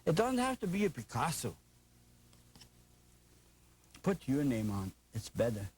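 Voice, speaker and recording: A man's voice: medium pitch, huge pitch swings, unhurried, darkish tone, breathy edge, low-quality recording. An older man with a German accent, teaching a painting lesson in an enthusiastic, folksy, chatty way with playful asides. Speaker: painting instructor.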